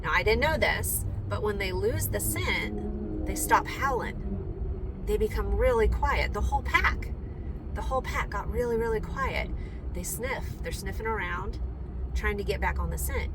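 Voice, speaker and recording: A woman's voice: mid-range voice, a little slow, over music, poor audio. A young adult woman chatting eagerly to camera as a vlogger and rider, with plenty of ums. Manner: chatty and enthusiastic, with many ums. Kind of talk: casual chat to camera.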